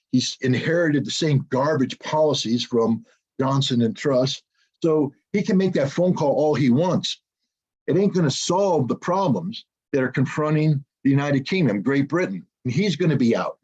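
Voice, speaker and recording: A man's voice: medium pitch, darkish tone, husky, muffled recording. A man giving blunt, opinionated analysis as an interview guest, often repeating words as he searches for the next one. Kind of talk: unscripted interview commentary.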